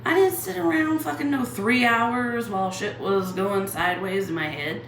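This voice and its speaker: A woman's voice: mid-range voice, normal speed, fairly bright tone, echoey room, slight background noise. A young woman ranting heatedly to the camera, swearing constantly and firing off rhetorical questions. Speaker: channel host ranting. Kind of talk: angry profane rant to camera.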